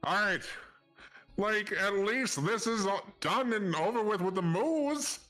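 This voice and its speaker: A man's voice: sits high, expressive, a little slow, pushed and bright, pitched above the performer's own voice, exaggerated voice. A man voicing a goofy, dim-witted young male cartoon slacker who tacks a cow moo onto every word. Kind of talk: comedic character voice on a live stream.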